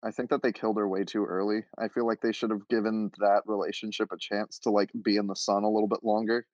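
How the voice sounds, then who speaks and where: A young man co-hosting a podcast, talking casually in a relaxed, offhand way. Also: fairly low pitch, fast, no echo. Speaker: podcast co-host. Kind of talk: casual chat. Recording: dry, dull lo-fi mic.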